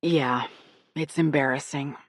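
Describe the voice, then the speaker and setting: Woman reading sick young guy, gritty and weak, low voice, sheepish, audiobook. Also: steady tone, a little slow, dry recording, studio quality. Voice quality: gritty, rough. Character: young man sick with food poisoning, miserable.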